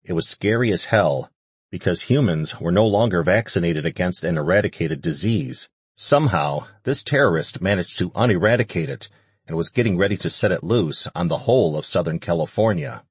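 A man reading an audiobook as narrator, in a steady, measured way. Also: low-pitched, husky, no echo. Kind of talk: scripted narration.

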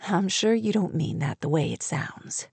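Self-assured teasing young man voiced by a woman, low, quiet, dry sound. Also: expressive, normal speed, vocal fry, breathy edge, no echo, heavily acted. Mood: calm.

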